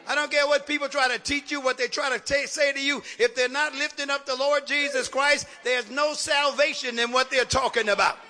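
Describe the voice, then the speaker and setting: High bright-voiced male preacher. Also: steady tone, brisk, few pauses. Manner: call-and-response preaching, rising to shouts. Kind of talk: sermon.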